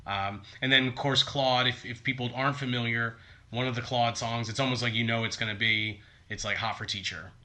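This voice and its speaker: A man co-hosts a podcast in a loose, casual chat. His voice is very bright and sharp at an ordinary pitch. He rambles and leans on fillers like "like" and "um". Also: fairly even intonation, fairly quick. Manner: rambling, filler-heavy with many likes and ums. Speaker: podcast co-host.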